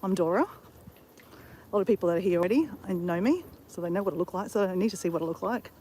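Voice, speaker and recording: A woman's voice: fairly low pitch, quick pace, dark tone, a little hiss or hum. A woman chatting on a live stream while out on a bush walk, rambling and greeting viewers in the chat, on a handheld phone mic. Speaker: vlogger.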